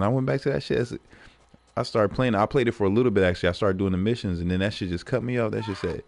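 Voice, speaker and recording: Man, game streamer, low pitch, rough crackly voice, cursing, laughing, animated. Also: fast, no echo. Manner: profane, laughing, animated storytelling. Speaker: gaming livestreamer. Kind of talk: casual livestream commentary.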